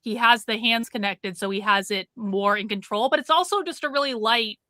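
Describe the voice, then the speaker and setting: A woman's voice: fairly high pitch, normal speed, bright, forceful tone, no room sound. A woman hosting a livestream, talking in a blunt, emphatic way with frequent swearing. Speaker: livestream host. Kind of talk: casual livestream chat.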